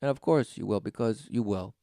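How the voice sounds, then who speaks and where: A man's voice: on the low side, brisk, vocal fry, warm tone, dry recording, clean studio sound. A man giving preaching commentary, reading passages aloud and answering them with sarcastic, mocking remarks. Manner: reads study text aloud, then scoffs.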